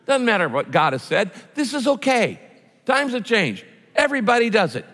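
A man's voice: high-pitched, huge pitch swings, normal speed, fairly bright tone, big-room sound, pitched above the performer's own voice, exaggerated voice. A man voicing a sly male devil who coaxes toward sin and then condemns, in a sermon. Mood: coaxing. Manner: coaxing and dismissive.

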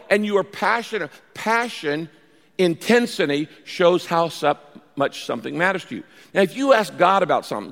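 A man delivers a sermon as pastor, lively and dramatic, slipping into pleading prayers and story voices. His voice sits a little high for a man. It rings with the long reverb of a large church hall. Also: fairly quick. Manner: animated preaching, acts out pleading prayers.

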